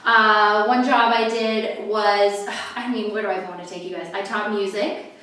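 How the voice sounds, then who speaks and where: A woman from New Mexico performing a stand-up comedy set on a club stage, animated and acting out voices in her stories. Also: mid-range voice, moderate pace. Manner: animated, acts out voices in dialogue. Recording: echoey club, far from the mic, crowd noise.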